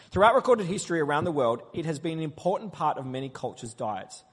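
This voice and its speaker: Playful preacher quizzing the congregation. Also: male voice, fairly high pitch, animated, fast, slightly rough. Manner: playful, quizzing the crowd, loud call-and-response. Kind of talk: interactive sermon with the congregation. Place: church hall. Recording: long hall reverb.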